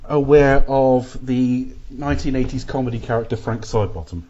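A man's voice: medium pitch, steady tone, normal speed, dark tone. A man hosting a casual film podcast, chatty and often restarting his sentences. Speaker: podcast host. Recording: dull lo-fi podcast audio.

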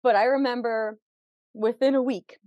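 A woman's voice: fairly high pitch, fairly even intonation, normal speed, darkish tone, no echo, lo-fi sound. A woman guest on a podcast, telling a vivid personal story and acting out the people in it, often repeating words as she goes. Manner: vivid, acts out quoted people; repeats words when emotional.

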